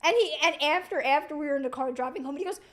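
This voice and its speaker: A woman's voice: high voice, fast talker. A young woman co-hosting a casual chat, telling stories animatedly and filling her talk with "like". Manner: animated storyteller, says "like" a lot. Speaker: co-host.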